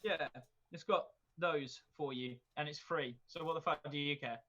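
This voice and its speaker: A man co-hosting a casual podcast, his voice bright and forceful, somewhat higher than most. He rambles, jokes and swears easily. The recording sounds dull and lo-fi. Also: normal speed. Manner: joking, rambling, swears freely, laughs often. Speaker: podcast co-host. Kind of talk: casual chat.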